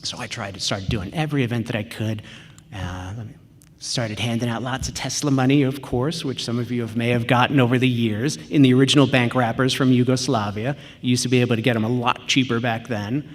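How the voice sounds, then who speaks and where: A man's voice: mid-range voice, fairly even intonation, a little fast. A man giving a conference talk, telling a personal story in a chatty way with frequent ums and quoted asides. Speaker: conference speaker. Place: large auditorium. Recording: long reverb of a large hall.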